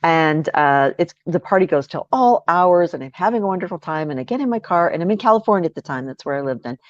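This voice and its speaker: A woman guest on a podcast interview, telling a personal story in a lively, animated way and acting out the voices of people in it. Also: deep voice, no echo. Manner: lively, laughing, acts out quoted voices. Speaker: guest speaker and author. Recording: dry, dull lo-fi sound.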